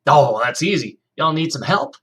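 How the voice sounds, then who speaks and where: A man's voice: on the high side, sing-song, normal speed, a bit bright, breathy edge, voice pushed up, full character voice. Man doing a chatty country boy. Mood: friendly. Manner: eager, drawling country talk. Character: friendly country boy, new kid, chatty.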